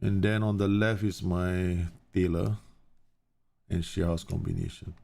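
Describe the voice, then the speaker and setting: A man in his thirties hosts a live game stream in a low, gravelly voice. He talks in a loose, rambling, animated way, jumping between the game and stories from home. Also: measured pace. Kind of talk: casual live-stream chat.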